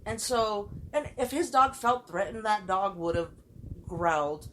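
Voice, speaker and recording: Woman podcast cohost ranting thru a story, cussing a lot, mid-pitched voice. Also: expressive, a little slow, fairly bright tone, slight background noise, low-quality recording. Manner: heated, profane storytelling. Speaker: podcast co-host. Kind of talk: casual chat.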